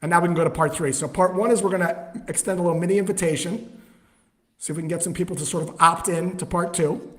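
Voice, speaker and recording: A man with a fairly high voice talks through prospecting calls in a relaxed, conversational podcast style. He acts out both the caller and the prospect with lively energy. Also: fast. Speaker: sales trainer, guest. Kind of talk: conversational explaining with acted call examples.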